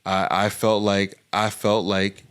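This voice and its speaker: A young adult man, a podcast co-host, talking candidly with his wife, halting and defensive, often restarting his sentences. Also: on the low side, completely flat delivery, a bit bright, clear, resonant tone. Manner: defensive, halting, repeats himself. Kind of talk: candid couple's conversation.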